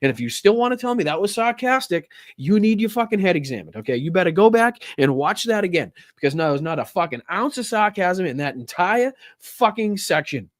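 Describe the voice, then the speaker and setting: A man's voice: high voice, sing-song, brisk, hardly any pauses, no room sound, studio quality. A man hosting a political livestream, ranting angrily and swearing constantly, with stammering restarts. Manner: angry, profane, heated ranting. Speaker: political commentary host.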